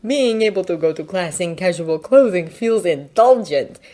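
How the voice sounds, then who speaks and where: A woman narrating a fanfiction audiobook with an expressive, lively reading. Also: lowish voice, moderate pace. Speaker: fanfiction reader.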